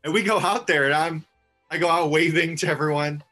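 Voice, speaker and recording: A man plays a hero in a tabletop game and keeps pushing and prodding other characters. His voice is a little high, with faint music underneath. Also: a little fast, bright, forceful tone. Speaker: player. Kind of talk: tabletop game role-play.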